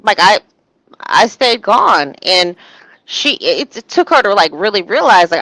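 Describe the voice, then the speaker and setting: A woman's voice: medium pitch, very animated, normal speed, bright, forceful tone, no echo, low-quality recording. A woman telling a personal story in casual live-stream chat, rambling with many restarts.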